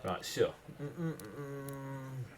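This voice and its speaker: A man's voice: medium pitch, extremely slow, crowd noise. A man with a Northern English accent, chatting loosely on a livestream while he writes game lore, rambling and losing his thread. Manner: rambling, loses his train of thought, self-mocking. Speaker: stream host writing game lore. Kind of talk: casual livestream chat.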